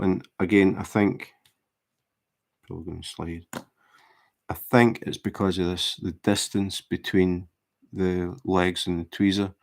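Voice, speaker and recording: A man chatting casually while he works on a craft project, explaining tips in a relaxed way with fillers and restarts. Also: low voice, creaky. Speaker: diamond painting livestreamer.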